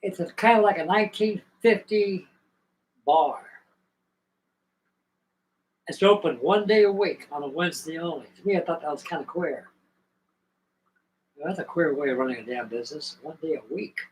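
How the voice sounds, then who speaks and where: A man's voice: on the high side, slight background noise, rough recording. An older man with Southern roots, telling long folksy stories from his past in a rambling, casual way on a live stream. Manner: folksy, rambling, drawn-out reminiscing. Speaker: livestream host. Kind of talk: rambling storytelling chat.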